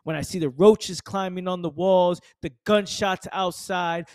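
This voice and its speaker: A young man delivers a motivational podcast monologue in a voice pitched somewhat high for a man. He pushes his points hard, repeats phrases for weight, and swears casually. The sound is dry and close, with no room around it. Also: dry recording. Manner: emphatic, repetitive, swears freely. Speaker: podcast host.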